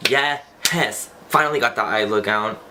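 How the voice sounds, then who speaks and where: A man's voice: lowish voice, slow, sharp tone, a little hiss or hum. A young man chatting casually through a makeup tutorial, campy and playful, swearing for fun. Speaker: beauty vlogger.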